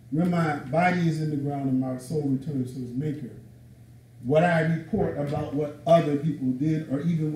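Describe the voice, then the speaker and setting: Male lecturer, high-pitched, emphatic and conversational, slangy delivery; echoey room, mic at a distance. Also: a little hiss or hum. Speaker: religious teacher.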